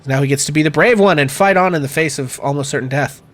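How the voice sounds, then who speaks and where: A man running a tabletop game as game master, talking in a relaxed way with many fillers. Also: on the high side, fast talker.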